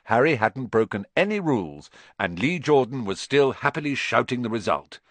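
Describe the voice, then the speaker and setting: Highly expressive male audiobook narrator. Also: moderate pace, no room sound. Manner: expressive storytelling. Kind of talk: scripted narration.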